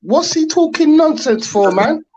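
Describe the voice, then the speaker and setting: Angry high-voiced British caller. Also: male voice, expressive, unhurried, a little mellow, muffled recording, a little hiss or hum. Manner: confrontational, swearing, talks over others. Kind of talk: angry call-in argument.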